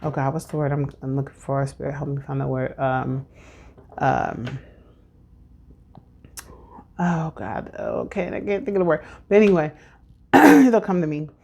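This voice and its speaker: A woman's voice: sits low, expressive, unhurried, creaky, pauses often, darkish tone, a little hiss or hum. A woman tarot reader talking casually and encouragingly to camera at home, with lots of fillers. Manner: chatty and encouraging, many fillers. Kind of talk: casual spiritual tarot vlog. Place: at home with incense burning.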